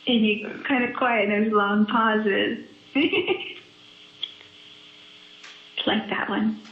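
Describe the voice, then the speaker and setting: A woman's voice: mid-range voice, steady tone, extremely slow, roomy sound, a little hiss or hum. A woman chatting and giggling on a casual phone call.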